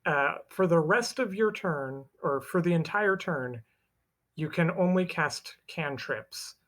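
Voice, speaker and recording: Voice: mid-range voice, lively intonation, slow, a bit bright. A player at a tabletop game who patiently explains the official rules to the group.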